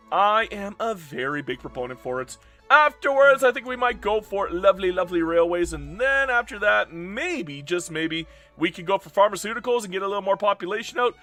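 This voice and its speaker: A tired, hoarse man doing chatty live gameplay commentary as a streamer, greeting his chat by name. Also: fairly high pitch, sharp tone.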